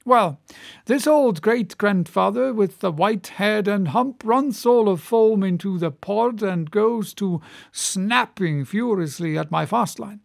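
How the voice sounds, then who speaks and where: A man's voice: high voice, slow pace, gravelly, dry recording, studio quality, exaggerated voice. A man voicing a good-humoured, chatty one-armed ship captain who tells a long yarn, in an audiobook reading. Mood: storytelling.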